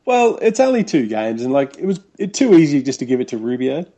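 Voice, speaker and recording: Aussie bloke on a sports podcast, relaxed and warm sounding, laid back, lots of uhs and chuckles. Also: male voice, mid-range voice, fairly quick. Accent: Australian. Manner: easygoing, chuckles, hesitant fillers. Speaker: podcast co-host. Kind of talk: casual sports chat. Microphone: call recording.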